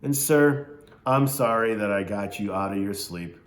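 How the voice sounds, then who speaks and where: A man's voice: lowish voice, a little slow, lightly acted. A man reading as a contrite young orphan boy.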